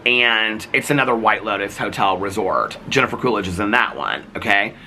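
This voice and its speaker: Male vlogger with a low pitch, casual, heartfelt, meandering filler-heavy talk. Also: expressive, moderate pace, sharp tone, a little hiss or hum. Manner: rambling, heavy use of "like"; earnest and heartfelt. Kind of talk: casual chat.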